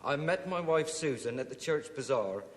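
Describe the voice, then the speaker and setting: A man from Cornwall, a game show contestant reading his prepared card aloud in a steady way. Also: medium pitch, moderate pace. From Cornwall, England. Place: television studio. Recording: reverberant TV studio.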